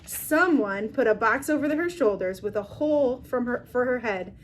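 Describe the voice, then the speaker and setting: A woman reading a children's book aloud with expressive storytelling. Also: a little high, normal speed, a little hiss or hum. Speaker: reader.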